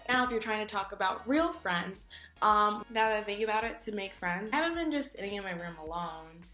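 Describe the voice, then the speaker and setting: A young woman vlogger telling funny stories in a casual, animated way, acting out voices from them. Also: medium pitch, fairly quick, roomy sound, faint music behind. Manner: animated, jokey, acts out voices in her stories. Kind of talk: casual storytelling vlog.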